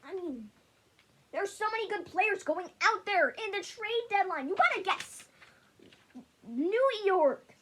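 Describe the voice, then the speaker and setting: A woman's voice: very high voice, big pitch swings, a little slow, very noisy. A woman giving a casual sports opinion rant, blunt and rambling, who often stumbles and restarts her sentences. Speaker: sports vlogger.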